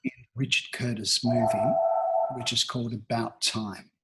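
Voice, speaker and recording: Amid heavy background noise, a medium-pitched Australian man in his sixties talks unhurriedly with fairly even intonation. The talent agency founder reflects thoughtfully as an interview guest, often restarting and using fillers.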